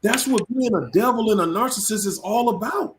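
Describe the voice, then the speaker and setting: A male host in casual live-stream chat, animated and preachy, often repeating his words. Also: high-pitched, a little fast, echoey room, noisy background.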